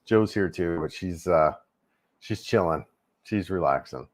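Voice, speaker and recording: Easygoing guy, deep low voice, rambling travel livestream chat, lots of ums. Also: unhurried. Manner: rambling, easygoing, many fillers and restarts. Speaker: travel vlogger hosting a livestream.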